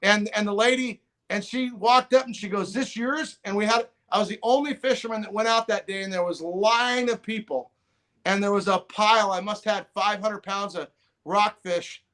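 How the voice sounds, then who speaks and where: A man's voice: sits high, normal speed. A middle-aged man telling a long story as a podcast guest, rambling with restarts and acting out other people's lines. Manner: rambling, restarts, quotes others in lively voices. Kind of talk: casual storytelling.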